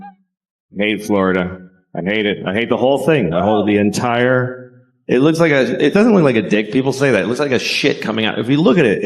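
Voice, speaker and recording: On stage doing stand-up, a man swears without restraint, alternating deadpan commentary with sudden, shrill outbursts.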